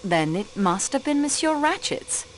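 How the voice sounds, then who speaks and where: A calm French investigator. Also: female voice, high voice, measured pace, slight background noise. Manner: calm, polite, formal questioning. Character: composed French female investigator. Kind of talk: video game voice acting.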